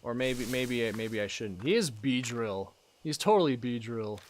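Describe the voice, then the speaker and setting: A man's voice: mid-range voice, expressive, measured pace, slight background noise. A man casually commentating while he plays a game, joking, swearing and reading the game's text aloud. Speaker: let's play host.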